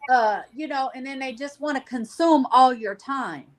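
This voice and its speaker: Halting woman on a podcast panel. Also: high-pitched, fairly bright tone. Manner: halting, many restarts and fillers. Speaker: panel guest. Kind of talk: casual panel discussion.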